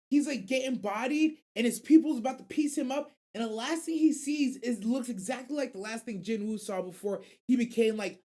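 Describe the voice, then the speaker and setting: A woman hosting a casual anime radio show, animated and slangy, rambling and swearing freely. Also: medium pitch. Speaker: host.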